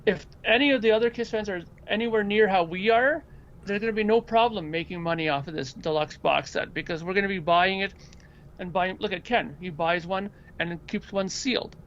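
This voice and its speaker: A man hosting a casual podcast chat, telling animated stories and acting out what other people said. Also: high-pitched, a little fast, dull audio. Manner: animated storyteller who acts out quoted people. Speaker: podcast host.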